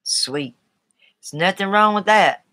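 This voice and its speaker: A woman's voice: medium pitch, animated, slow, a bit bright, no echo. Southern lady rambling on a live stream, folksy and chatty, answering chat, dry close sound. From Southern United States.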